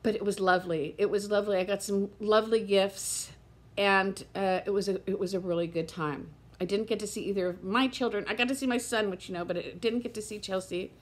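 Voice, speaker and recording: A woman in her fifties talking candidly to camera in a chatty vlog, tired and close to tears. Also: medium pitch. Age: 50s. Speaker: vlogger. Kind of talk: casual chat to camera.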